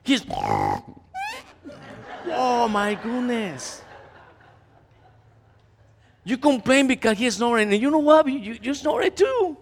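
High-voiced male pastor in an echoing hall. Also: slow pace, long pauses, slight background noise. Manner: animated, conversational preaching that swings between loud and quiet. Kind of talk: sermon. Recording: echoey hall.

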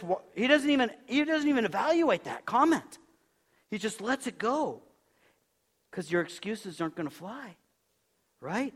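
High-voiced pastor preaching. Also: male voice, animated, moderate pace, long pauses, a bit bright. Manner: conversational preaching, asks the congregation questions. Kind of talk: sermon. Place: church.

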